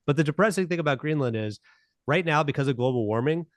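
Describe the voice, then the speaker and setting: A man's voice: on the high side, fast talker, no room sound. Casual male comedian riffing. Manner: relaxed, riffing, fillers like "like". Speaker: comedian guest. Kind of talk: casual panel chat. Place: radio studio.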